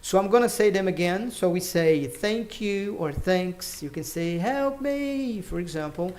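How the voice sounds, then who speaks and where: Man, English teacher, casual online lesson, fairly high voice, chatty, counts words aloud. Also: normal speed, a little mellow.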